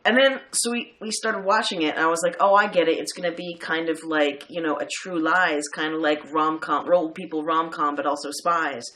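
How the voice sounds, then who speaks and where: A man casually reviewing a film with a co-host, talking in an animated way with laughs and the odd swear. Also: fairly high pitch, moderate pace, hardly any pauses.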